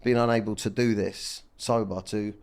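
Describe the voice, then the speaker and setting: A deep-voiced man talks openly as a podcast guest. His delivery is blunt, emotional and full of casual swearing, with a low pitch throughout. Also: fairly even intonation, normal speed, a little mellow. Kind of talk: candid casual chat.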